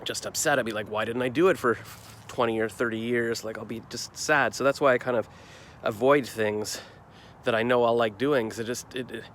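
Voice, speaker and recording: Man, 40s, vlogger, rambling reflective day recap, mid-pitched, faint street noise outside. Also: steady tone, a little fast, a bit bright. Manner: rambling, reflective, with many fillers and restarts. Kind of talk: casual daily vlog recap.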